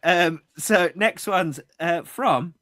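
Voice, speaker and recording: A man's voice: high voice, slow, pushed and bright, no room sound. A man co-hosting a podcast in casual chat, reading out listener messages and laughing often. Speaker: podcast co-host.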